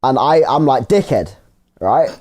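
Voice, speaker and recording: A young man, co-hosting a casual podcast and acting out a road story with lively retold lines. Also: mid-range voice, normal speed. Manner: animated storytelling, acts out his own lines. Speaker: podcast co-host. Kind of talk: casual chat.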